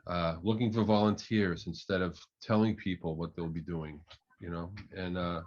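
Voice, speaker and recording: A man with a fairly low voice gives an online talk and tells a story in a loose, halting way. His audio sounds muffled and lo-fi, like an online call. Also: fairly even intonation, a little mellow. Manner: conversational, halting, many fillers. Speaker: management consultant and keynote speaker.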